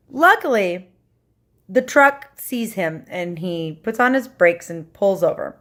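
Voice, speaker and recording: A woman telling a story to her camera at home, animated, acting out voices and sound effects. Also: fairly high pitch, a little slow.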